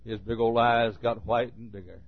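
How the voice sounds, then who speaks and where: A preacher with a husky, slightly breathy voice tells folksy stories from the pulpit. He drops low and quiet, then breaks into loud shouts. The recording sounds dull and lo-fi. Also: fairly even intonation, moderate pace, no room sound. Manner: folksy, swings from quiet asides to sudden shouts. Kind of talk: sermon with storytelling.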